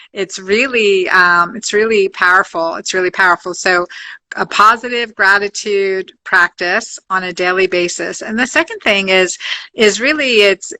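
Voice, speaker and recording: A bright, clear-toned middle-aged woman speaks as a doctor on a podcast. Her delivery is upbeat and loosely structured, with frequent restarts and numbered points. Her pitch sits in an ordinary middle range for a woman. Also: low-quality recording. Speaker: physician guest. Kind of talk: podcast interview.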